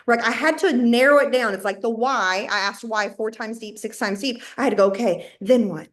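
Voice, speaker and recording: A woman with a Southern accent, around her thirties, giving an animated motivational talk to her sales team and acting out her own inner voice as she talks. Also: a little high, brisk, slight background noise. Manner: animated, talks to herself and the listener, plays out inner dialogue. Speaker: network marketing team leader.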